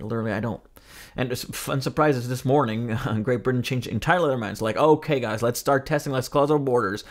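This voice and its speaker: A man hosting his own podcast, talking casually and directly to viewers with exasperated, sarcastic rhetorical questions. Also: mid-range voice. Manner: chatty, addresses viewers as guys. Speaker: podcast host. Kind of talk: casual spoken commentary.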